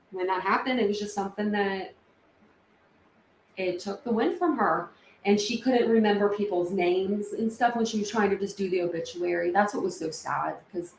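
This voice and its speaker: A woman hosting a casual livestream, chatting and reading viewer comments with lots of fillers and open feeling. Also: mid-range voice. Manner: chatty, emotional, many fillers. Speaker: livestream host. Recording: echoey room with faint ambient noise.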